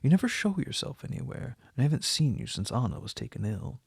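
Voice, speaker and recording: A man's voice: mid-range voice, big pitch swings, fast, gravelly, a little mellow, slightly rough, no echo, clean studio sound, heavily acted. A man voicing a sarcastic, fashionable society princess with an affected, mocking manner, in an audiobook reading.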